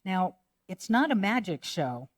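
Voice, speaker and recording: A woman pastor giving a sermon, measured and reflective, turning playful when she tells jokes. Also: mid-range voice, big pitch swings.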